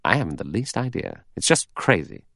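A man voicing a cool, sardonic adventurer in an audiobook, brisk with sharp retorts. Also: deep voice, huge pitch swings, gravelly, no echo, clean studio sound, heavily acted.

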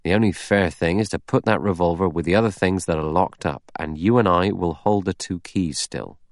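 A man's voice: low voice, animated, normal speed, no room sound, clean studio sound. A man voicing a stolid, suspicious ex-policeman in an audiobook, blunt and plodding.

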